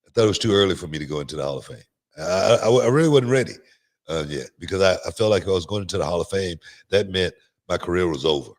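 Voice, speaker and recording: Man, very low voice, relaxed halting chat, lots of "you know", middle-aged podcast co-host. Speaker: podcast co-host, former wrestler. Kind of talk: casual chat.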